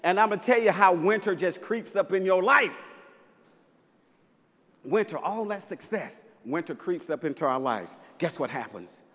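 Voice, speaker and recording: A man from Mississippi, a basketball coach giving a punchy, playful talk on stage with bursts of loud emphasis. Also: high voice, expressive, normal speed, long reverb tail. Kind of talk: live inspirational stage talk. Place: large festival venue with audience.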